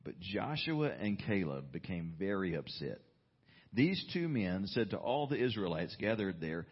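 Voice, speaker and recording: Husky low-voiced male preacher. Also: normal speed. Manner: animated storytelling, reading Scripture aloud. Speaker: pastor. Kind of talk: sermon. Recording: dull lo-fi recording.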